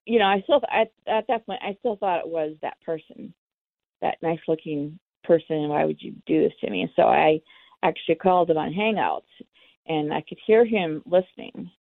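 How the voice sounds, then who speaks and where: A woman recounts her own experience in an interview, candid and quick to act out both sides of a conversation. Her voice sits low and gravelly. It comes through a tinny, dry phone line. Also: no echo. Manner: candid, acts out the dialogue. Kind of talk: personal storytelling.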